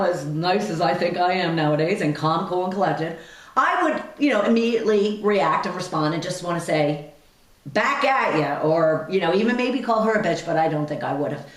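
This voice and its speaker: A woman's voice: on the low side, recorded from a distance. A woman hosting a radio talk show, telling a personal story in a chatty way with many asides and fillers. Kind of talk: casual storytelling monologue. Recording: echoey room, voice off-mic.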